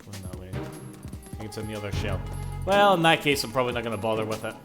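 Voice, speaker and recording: A Scottish-accented man streams a video game, chatting casually, swearing freely and grumbling about crashes, with game music in the background. His voice is fairly low, with big pitch swings and a fast pace.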